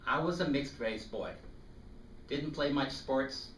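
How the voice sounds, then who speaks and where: A man in his fifties from South Africa, telling a personal story to an audience in an animated way and acting out the voices. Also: medium pitch, takes it slowly. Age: 50s. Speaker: speaker. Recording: echoey room, distant mic, faint noise.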